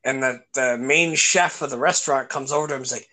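A man's voice: medium pitch, quick pace, sharp tone. A young man in casual podcast chat, telling long rambling stories and swearing freely. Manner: rambling storyteller, acts out voices in his anecdotes, swears freely.

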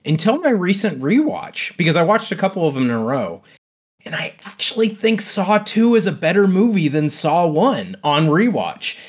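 A man's voice: high-pitched, big pitch swings, normal speed, husky. A man talking casually as a podcast guest, rambling with many fillers. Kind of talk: casual chat.

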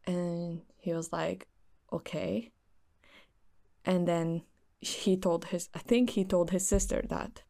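Young woman with a gravelly low-ish voice, telling a friend's story, casual chat. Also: fairly even intonation, slow, long pauses, dark tone. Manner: earnest, recounting a friend's story.

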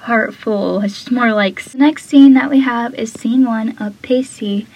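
A woman's voice: fairly high pitch, unhurried, a little mellow, husky, rough recording. A woman hosting a casual episode recap, chatty and full of fillers, slipping into whispery asides and laughing between lines. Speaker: show recap host.

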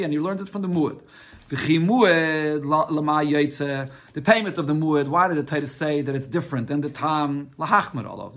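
A man's voice: on the high side, a bit bright. A man teaching a Talmud lesson, explaining step by step and asking himself rhetorical questions. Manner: explains step by step, mixing Aramaic phrases with English.

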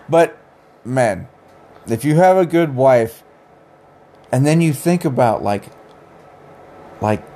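A man's voice: mid-range voice, very animated, very slow, gravelly, long pauses, a little mellow. A young adult man co-hosting a casual podcast, joking, teasing and swearing casually. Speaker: podcast co-host. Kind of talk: casual chat.

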